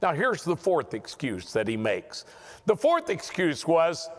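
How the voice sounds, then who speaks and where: A man's voice: a little high, wildly swooping pitch, takes it slowly, long reverb tail. A man teaching a Bible lesson in sermon style, emphatic and often repeating words as he restarts.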